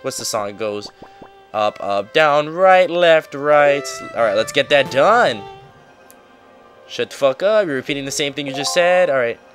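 A man's voice: mid-range voice, lively intonation, moderate pace, fairly bright tone. A man casually commenting on a video game as host, joking and swearing freely, over game music. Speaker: let's play host.

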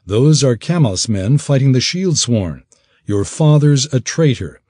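A man's voice: mid-range voice, lively intonation, a little slow, warm tone, slightly rough, no echo, clean studio sound, pitched above the performer's own voice. A man voicing a young man who speaks firmly and coldly. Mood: cold angry. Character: young man, stubborn and hot-tempered.

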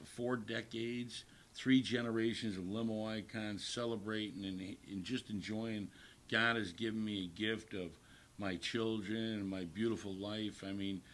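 A man's voice: fairly low pitch, fairly bright tone. A man in his sixties, a talk show guest, telling a personal story emphatically and repeating his phrases.

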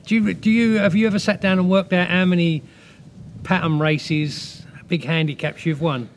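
A man hosting a casual interview, asking halting questions and giving short affirmations. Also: sits high, steady tone, slight background noise. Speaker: interviewer, host.

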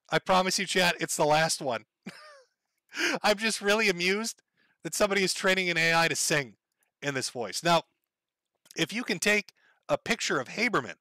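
A man's voice: sits high, pushed and bright, no echo. A man with a Minnesota accent hosting a livestream, rambling casually with profanity and laughing asides. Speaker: livestream host.

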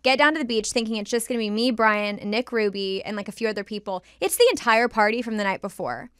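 Animated, swearing woman, smooth voice. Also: medium pitch, quick pace, no room sound, clean studio sound. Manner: animated storyteller, swears freely. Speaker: podcast guest. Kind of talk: casual podcast chat.

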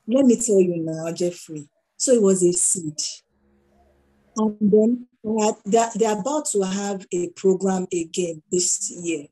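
A middle-aged woman with a Nigerian accent talks through her stories in an interview. She slips into the voices of the people she quotes, and her tone stays mellow and warm throughout. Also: mid-range voice, slightly rough, poor audio. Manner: animated storyteller who acts out dialogue. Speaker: guest entrepreneur. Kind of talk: conversational interview.

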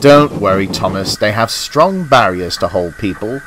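A man voicing a calm, reassuring male engine driver in a storybook tale. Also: lowish voice, a little slow, noisy background.

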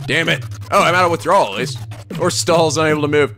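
A young man hosting a comedic video game let's play, excitable and profane, breaking into laughter and silly voices. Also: a little high, fast, music in the background.

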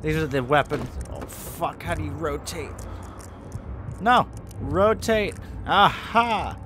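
A man's voice: a little high, fairly even intonation, measured pace, background noise. A young man voicing a horror game playthrough, jumpy and swearing, pleading with and joking at the monsters. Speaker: gaming channel host. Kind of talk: horror game let's play commentary.

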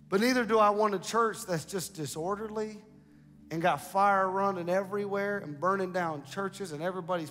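A man's voice: sits high, a bit bright, in a large hall. A man preaching a sermon as pastor, building emphasis and repeating phrases for the congregation. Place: large church hall.

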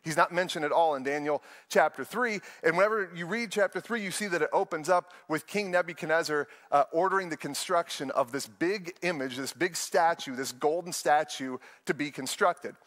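A young adult man preaching a sermon to an online audience, telling stories with lively acted-out voices. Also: fairly high pitch, normal speed, hardly any pauses. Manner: animated storytelling, acts out voices in anecdotes. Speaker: pastor.

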